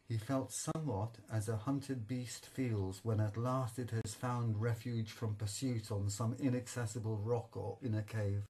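A man narrating a classic story in a measured, literary reading style. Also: on the low side, warm tone, husky, poor audio. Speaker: audiobook reader. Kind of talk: scripted narration.

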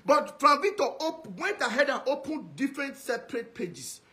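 A man's voice: very high-pitched, sing-song, moderate pace, pushed and bright. A man with a Nigerian Pidgin accent delivering a ranting video message, scolding and insulting someone over and over. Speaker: social media commentator.

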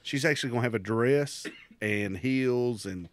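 A man's voice: mid-range voice, moderate pace. A middle-aged man co-hosting a podcast, telling a rambling, crude workplace story in casual chat and laughing often. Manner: crude, joking. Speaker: podcast co-host.

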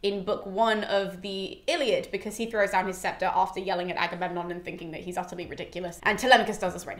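A woman chatting through an old epic in a rapid, casual way, with the odd swear word. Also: medium pitch, sharp tone, roomy sound. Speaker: literature explainer. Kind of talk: casual explanatory chat.

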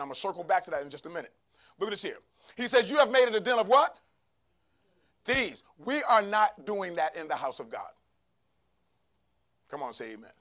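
A man preaching a sermon to a church congregation, calling for responses from the crowd and rising to shouts. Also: sits high. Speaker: pastor. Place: church sanctuary.

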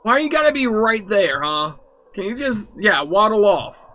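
A young man jokingly commentating his horror game playthrough, nervous and excitable. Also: high voice, normal speed. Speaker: gamer. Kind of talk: let's-play commentary.

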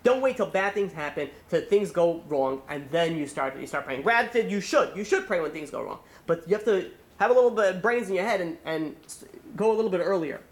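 A man, a rabbi, giving a holiday sermon, telling a story in a quick, rambling way full of restarts and fillers. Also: high-pitched, lively intonation.

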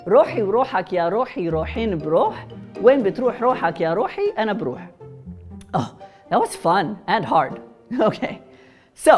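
A woman teaching tongue twisters in a casual, playful lesson, rattling them off fast and then breaking them down word by word. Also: mid-range voice. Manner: playful, chatty, reciting rapid tongue twisters. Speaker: Arabic teacher.

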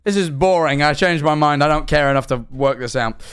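A young man with an English accent, chatting on a livestream, swearing and bursting into incredulous shouts as he reacts to viewer messages. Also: fairly high pitch, a little fast, clear, resonant tone, faint music behind. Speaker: streamer.

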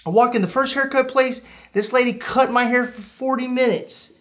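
Animated young man telling stories. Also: normal speed. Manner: animated, mimics his own reactions with jumps in pitch. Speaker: podcast host. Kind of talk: casual storytelling chat.

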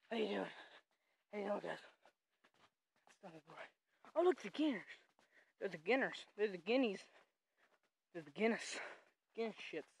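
A young woman with a Southern US accent, walking around her family farm outdoors, rambling and excitedly calling to her animals while filming on a handheld phone. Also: mid-range voice, slight background noise, low-quality recording. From North Carolina, USA. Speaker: vlogger. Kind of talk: casual walking vlog.

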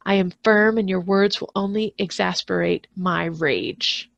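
A woman reading aloud, voicing a defiant young male scientist who speaks in loud, emphatic commands. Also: fairly low pitch, level tone, brisk, creaky, no room sound, highs cut off. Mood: furious.

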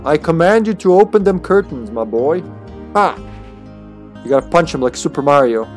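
Playful, lively-voiced male game streamer. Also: on the high side, moderate pace, faint music behind. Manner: playful, joking, reads in-game lines aloud. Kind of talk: casual gameplay commentary.

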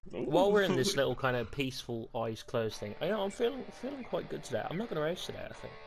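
A man's voice: mid-range voice, big pitch swings, fast, gravelly. A man hosting a gaming stream, chatting with friends and erupting into furious swearing rages. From United Kingdom. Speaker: gaming channel host. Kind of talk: voice-chat gaming banter. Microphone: failing microphone over voice chat. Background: game music.

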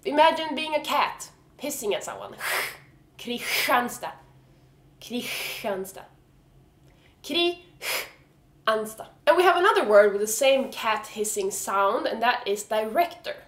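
A woman's voice: a little high, expressive, normal speed, hardly any pauses, reverberant. A woman with a Swedish accent, a native Swedish speaker, explaining pronunciation in a casual video lesson with frank, swearing, exasperated humor. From Sweden. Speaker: vlogger teaching Swedish pronunciation.

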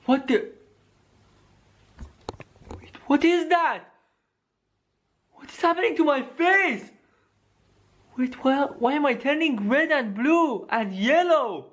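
Young-sounding male YouTuber, high voice, over-the-top excitement, skit delivery. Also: slow pace, pauses often. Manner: excitable, exclaiming to viewers. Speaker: gaming comedy YouTuber. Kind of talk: excited scripted skit narration.

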